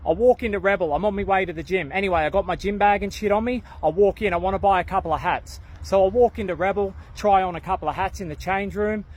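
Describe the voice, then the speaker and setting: A man's voice: high-pitched, fast, few pauses. A young man telling a story in a blunt, slangy way, swearing freely. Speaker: vlogger. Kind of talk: casual storytelling rant.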